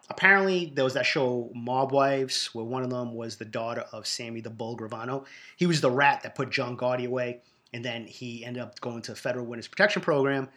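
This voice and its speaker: Here a Boston-accented man reviews reality shows in a casual, profane tirade that stays blunt and ranting the whole way through. The voice comes across bright and forceful at a typical mid pitch.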